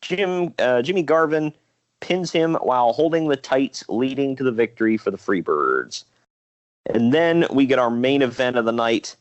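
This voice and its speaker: A man with a middle-pitched voice talks through old wrestling matches in a loose, rambling podcast chat. He leans on fillers and restarts as he recaps. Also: lively intonation, moderate pace, lo-fi sound. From Ohio. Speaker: podcast co-host.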